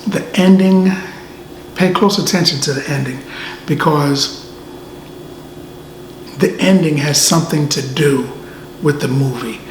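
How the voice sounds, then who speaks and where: A man giving a casual movie review, easygoing and animated, often tacking "man" onto his sentences. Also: on the high side, a little slow, long pauses. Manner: laid-back, says "man" often, animated asides. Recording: echoey room, faint ambient noise.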